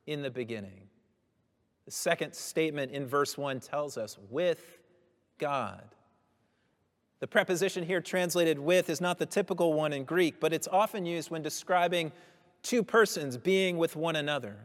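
A man preaching a sermon, teaching in measured phrases and slowing down on key words. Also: a little high, in a large hall.

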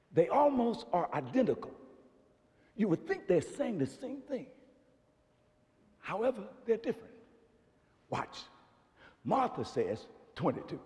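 High, lively preaching man in a church. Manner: builds from quiet storytelling to shouted preaching. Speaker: pastor. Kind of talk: sermon. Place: church sanctuary. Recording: long reverb of a church hall.

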